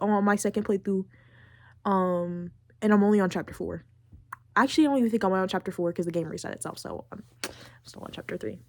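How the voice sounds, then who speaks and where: A young woman in her late teens hosting a podcast, rambling and excitable with lots of fillers. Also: mid-range voice, no room sound, clean studio sound. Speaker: podcast host. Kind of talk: casual chat recapping a video game.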